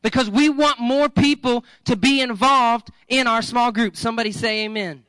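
A male pastor preaches with a very high, bright, ringing voice, joking and coaxing his congregation along. The sound is close and dry, with almost no room around it. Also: fairly even intonation, moderate pace, clean tone, no echo, poor audio. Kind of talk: sermon.

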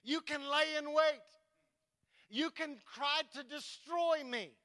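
A man's voice: very high-pitched, fairly even intonation, slow, sharp tone. A pastor preaching a sermon to his congregation, emphatic and repeating his points.

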